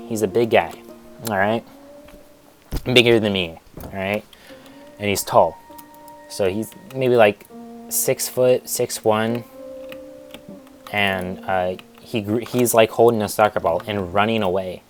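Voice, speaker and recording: A young man casually telling a rambling school story in a storytime vlog, digressing and restarting often. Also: on the low side. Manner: rambling, digressive, self-interrupting.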